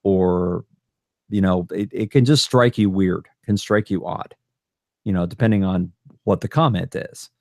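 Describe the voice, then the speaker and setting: Guy with a lowish voice cohosting a podcast, rambly and blunt, keeps restarting his sentences, dry close mic. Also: unhurried, creaky, darkish tone, dry recording. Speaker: podcast co-host. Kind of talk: casual podcast chat.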